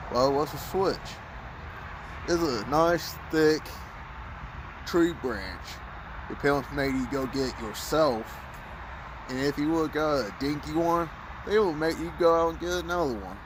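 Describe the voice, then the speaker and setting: A man's voice: fairly high pitch, noisy background. A man joining a casual chat, bluntly swearing and adding his own take to the stories. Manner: blunt, profane, chiming in.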